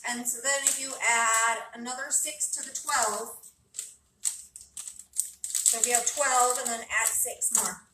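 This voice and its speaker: A chatty woman with a high voice talks to the camera while she cooks in her home kitchen. She sounds far from the camera and the room echoes. A steady background noise sits under her voice. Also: slow, pauses often. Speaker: vlogger cooking at home with her kids. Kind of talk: casual cooking vlog chat.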